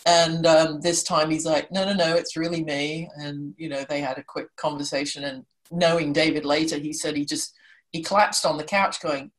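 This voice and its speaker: Woman in her sixties, low voice, chatty guest who plays out the people in her stories. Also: normal speed. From Liverpool, England. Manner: chatty and animated, acts out quoted voices. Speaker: interview guest. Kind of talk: casual storytelling in conversation.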